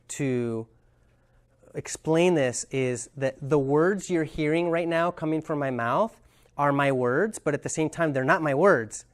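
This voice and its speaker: A man with a fairly high voice teaches a workshop on communication. He explains ideas and tells stories, often pausing to find the right words. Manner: thoughtful, searching for words. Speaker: communication trainer.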